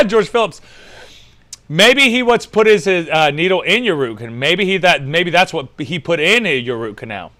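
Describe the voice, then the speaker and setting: A young man from the United States hosting a casual podcast and reading out live chat, animated and swearing freely, with loud laughs. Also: high voice, unhurried. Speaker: podcast host.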